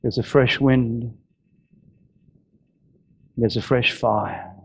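A male pastor preaching a fervent sermon, shouting and then dropping to low, intense exhortation. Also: fairly even intonation, very slow, gravelly, slightly rough.

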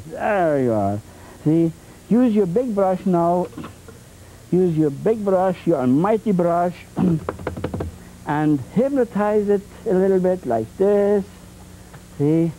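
A man demonstrating oil painting on a 1980s TV show, talking in a halting, repetitive way with many fillers and playful folksy phrases. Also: high-pitched, mellow, slight background noise, poor audio. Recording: 1980s TV tape transfer.

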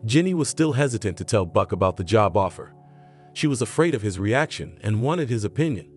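A man narrating a scripted story in a steady, even reading voice. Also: lowish voice, a little fast, soft background music.

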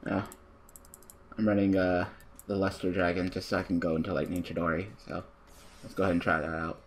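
Low and fairly flat in pitch, this young man talks briskly while commenting live on a card game for his gaming channel, with a little hiss or hum in the audio. When the game turns against him, he rants, swears heavily, and rises to shouts.

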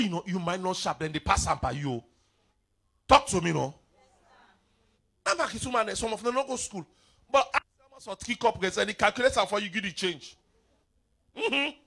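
This is a middle-aged preacher in full sermon flow, swinging from low asides to sudden shouts. His voice is bright and a little gravelly, and his pitch leaps all over as he teases the congregation. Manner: animated preaching in pidgin-laced English, sudden shouts and playful asides. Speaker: apostle preaching at a revival.

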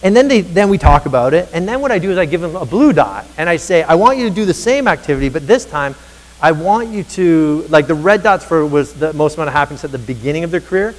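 A man's voice: a little high, fast talker. A man giving a motivational keynote to educators, telling stories and acting out the dialogue with energy. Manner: energetic storyteller, acts out dialogue. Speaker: keynote speaker on teacher happiness. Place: large conference hall. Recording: reverberant hall.

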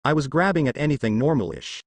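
A man's voice: mid-range voice, animated, fast talker, no echo, natural voice. A man voicing a blunt teenage boy, talking in an exasperated way.

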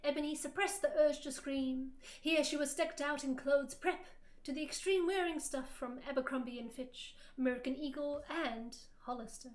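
High-pitched streamer girl reading cringe fanfic, hamming up the quotes. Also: normal speed. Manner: theatrical reading, loud overblown quotes. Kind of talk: dramatic comedic reading of fan fiction.

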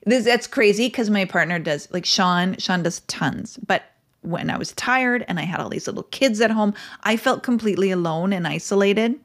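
A woman's voice: mid-range voice, normal speed. A woman hosting a podcast, talking in a casual, earnest and reflective way, candid about her own life. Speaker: podcast host. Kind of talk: casual advice talk.

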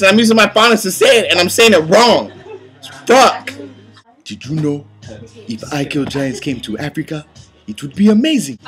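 High, lively hype man joking around. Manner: hyped, joking, repeated shouted "Don't sleep!"; laughs between lines, playful slang. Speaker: comedic tour announcer. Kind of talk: jokey hype announcement.

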